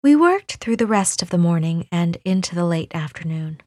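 A woman narrating a novel as an audiobook reader, in measured, unhurried storytelling. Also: fairly low pitch, sing-song, darkish tone, no room sound, studio quality. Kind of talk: scripted narration.

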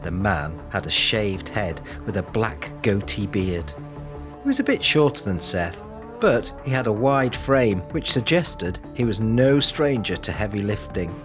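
Deep-voiced male audiobook narrator. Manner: steady, measured storytelling. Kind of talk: scripted narration. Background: music.

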